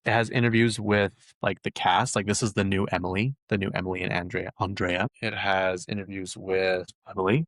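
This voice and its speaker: A man chatting casually as a vlog host, gushing and excitable with lots of fillers. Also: sits low, a little fast, hardly any pauses, dry recording. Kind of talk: casual chat. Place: lives in Utah.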